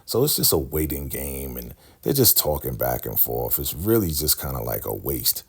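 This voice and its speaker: A man with a low, husky voice recaps a TV episode in casual talk. His delivery swings widely in pitch as he jumps between storytelling and acting out characters' lines. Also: moderate pace. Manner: animated, acts out quoted lines in character. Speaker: recap channel host.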